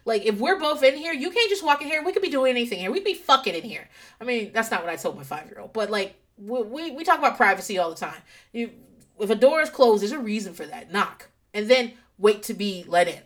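A woman talks casually from her home office in a somewhat high voice. She rambles through animated, profanity-filled anecdotes and show recaps in an easy chatting style. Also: fast talker. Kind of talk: casual storytelling chat.

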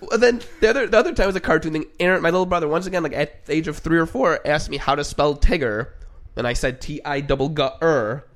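A man's voice: on the high side, quick pace, a bit bright. A young man co-hosting a podcast, telling stories in a casual chat and laughing often. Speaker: podcast co-host.

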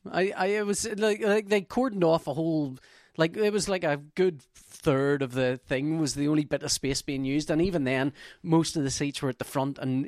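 A man's voice: on the high side, dry recording, clean studio sound. A man in casual podcast chat, telling a story animatedly and acting out quotes. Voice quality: animated storyteller, breaks into laughter and acted-out quotes.

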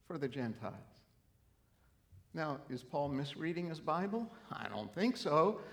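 A middle-aged man preaching a sermon, telling a story earnestly and then rising into emphatic, animated preaching. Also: on the high side, unhurried, vocal fry. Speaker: pastor.

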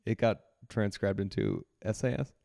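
A man's voice: fairly low pitch, wildly swooping pitch, normal speed, vocal fry, warm tone, no echo, studio quality. A man co-hosting a podcast, telling a story in casual chat, rambling with restarts and frequent laughter. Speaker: podcast co-host.

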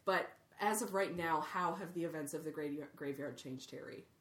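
A woman's voice: low voice, moderate pace, a bit bright. A woman co-hosting a podcast, talking casually and emphatically, swearing freely. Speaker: podcast co-host. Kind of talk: casual chat. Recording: echoey room.

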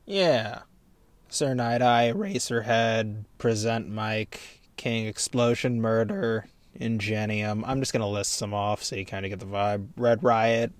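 A man's voice: on the low side, a little slow, no echo. A man hosting a podcast in casual comedic chat, rambling with lots of fillers and mocking his own ideas. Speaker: podcast host.

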